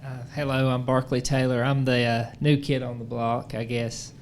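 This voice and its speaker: A man's voice: mid-range voice, little pitch movement, normal speed. A man teacher speaks hesitantly at a public meeting, with many fillers. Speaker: horticulture teacher. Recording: faint background noise.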